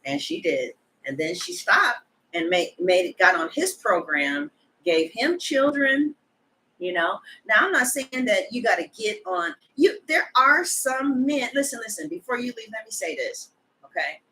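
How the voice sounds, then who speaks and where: Chatty blunt woman with a bright voice. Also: fairly high pitch, big pitch swings, measured pace, rough recording. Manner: chatty, gossipy and blunt, with slang and swearing. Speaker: tarot reader. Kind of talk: casual chat to camera.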